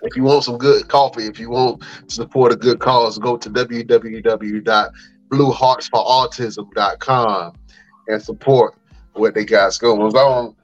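A man's voice: mid-range voice, fairly even intonation, a little slow. Male podcast host, upbeat and casual, mid-range voice, slightly dull recording. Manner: upbeat, rattling off plugs and handles. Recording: slightly dull audio with faint music.

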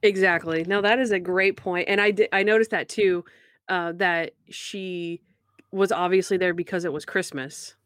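A woman in casual chat, recapping a TV episode with lively retellings of scenes. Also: lowish voice, normal speed, no room sound, clean studio sound. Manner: animated retelling with quoted voices.

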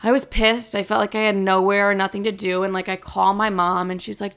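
A woman's voice: medium pitch, little pitch movement, brisk, a bit bright, clear, resonant tone. A young adult woman telling a story to the camera in a casual rant, blunt and swearing a lot. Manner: blunt, heavy swearing, fired-up. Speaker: storyteller vlogger.

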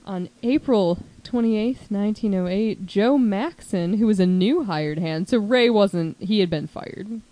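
A woman casually telling a true crime story as a podcast host, chatty and animated, with lots of "like" and quick put-on voices for quotes. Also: mid-range voice, poor audio.

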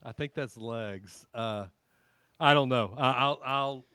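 A man's voice: medium pitch, takes it slowly, bright, forceful tone, clean tone. A man co-hosting a podcast game as a contestant, easygoing and laughing along. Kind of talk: casual joking banter.

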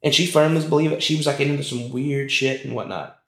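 A man's voice: medium pitch, steady tone, fairly quick, fairly bright tone. A young man casually telling a family story, rambling with many fillers and restarts. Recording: roomy echo.

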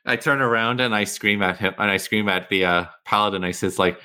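A man playing a tabletop game, describing his character's moves in a brash, joking way. His voice is fairly low but sharp and forceful. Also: brisk, few pauses, clean tone. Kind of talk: casual game chat.

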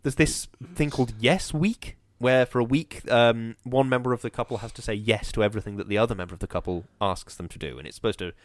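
A man on a video call chats casually, rambling through a long, animated story packed with fillers. His medium-pitched voice moves fast with hardly any pauses and no echo.

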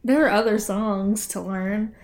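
A woman's voice: medium pitch, steady tone, measured pace, slight background noise. A woman podcast co-host who drops short, wry, sometimes swearing reactions in casual chat.

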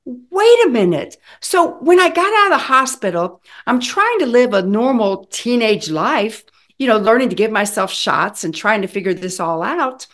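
A woman in her sixties telling her own story in an animated, dramatic way, acting out the lines of people in it. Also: mid-range voice. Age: 60s. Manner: animated, dramatic retelling with acted quotes. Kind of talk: personal storytelling.

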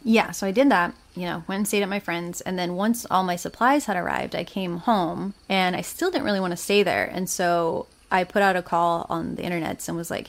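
A young woman tells a story on her podcast, casual and lively, laughing often and slipping into the voices of the people she quotes. Her pitch sits in the middle of the usual range for a woman. Faint music plays behind her. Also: a little fast. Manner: animated, laughs often, acts out quoted dialogue. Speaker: podcast host telling a story.

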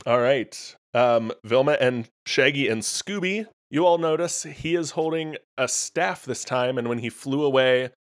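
A man narrating a tabletop game as game master, casual and often stumbling over his words. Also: medium pitch. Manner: halting, casual, self-correcting.

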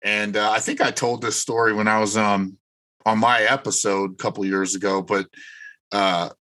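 A man's voice: on the low side, fairly even intonation, moderate pace, bright, forceful tone, low-quality recording. A middle-aged man and Army veteran, a podcast guest telling long rambling anecdotes, full of fillers and restarts. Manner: rambling anecdotes with filler words and self-corrections. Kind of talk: casual storytelling.

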